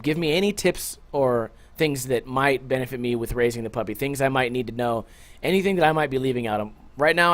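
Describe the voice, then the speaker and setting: Profane rambling podcast guy. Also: mid-range voice. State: short on sleep. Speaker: podcast host. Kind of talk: casual solo podcast chat.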